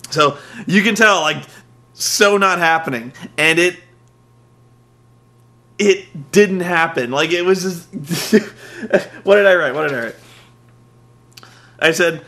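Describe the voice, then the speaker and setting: Bright-voiced rambling man, swearing. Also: fairly high pitch, lively intonation. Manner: rambling, swears often, mimics wrestlers in quick asides. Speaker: wrestling recap host. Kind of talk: casual profane comedic recap.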